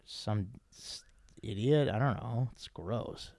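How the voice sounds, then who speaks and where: A man's voice: lowish voice, slow, creaky, a little mellow, no echo. A man hosting a podcast, chatting casually and rambling with many fillers into a close mic. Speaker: podcast host. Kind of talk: casual comedic chat.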